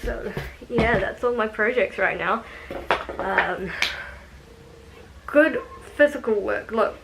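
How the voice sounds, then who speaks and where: A woman's voice: medium pitch, slow, creaky, noisy background. A young woman chatting casually to her vlog audience, rambling with frequent ums and light laughs. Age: young adult. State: out of breath. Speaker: vlogger.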